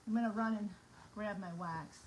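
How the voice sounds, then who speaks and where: A woman's voice: mid-range voice, normal speed, slight background noise, low-quality recording. A middle-aged woman chatting casually as she demonstrates a craft project in her home kitchen, bubbly and talking while she works. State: out of breath. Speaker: craft vlogger. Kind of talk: casual demo chat.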